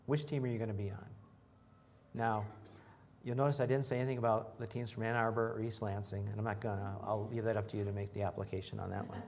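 A man preaching a sermon in a conversational way, joking with the congregation and rising in pitch and volume when he reads scripture. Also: level tone, fast talker, a little mellow, a little hiss or hum. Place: church in front of a congregation.

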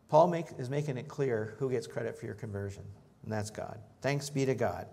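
A man preaching a sermon in a conversational way, joking with the congregation and rising in pitch and volume when he reads scripture. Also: fairly quick, vocal fry, few pauses, dark tone. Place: church in front of a congregation.

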